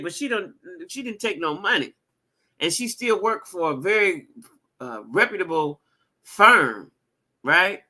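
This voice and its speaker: A woman in her fifties telling a story in a casual vlog, animated and emphatic, laughing as she talks. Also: lowish voice. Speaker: vlogger.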